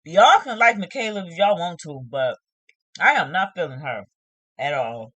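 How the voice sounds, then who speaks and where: A woman's voice: on the low side, expressive, normal speed, a bit bright, dry recording. A woman hosting a casual reality-TV review vlog, opinionated and talking straight to her viewers. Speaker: host of a TV review channel.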